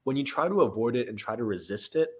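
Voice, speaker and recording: A man's voice: medium pitch, expressive, fast, slightly rough. A man hosting a recovery interview, encouraging and supportive as he asks his guest questions. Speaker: podcast host. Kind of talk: casual interview.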